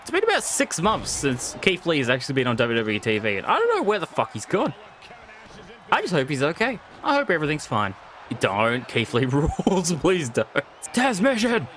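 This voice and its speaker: A man's voice: on the high side, moderate pace, slight background noise. A young man commentating a wrestling video game on stream, joking, swearing and laughing often. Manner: jokey, swears a lot, laughs often, excitable. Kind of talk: casual live-stream commentary.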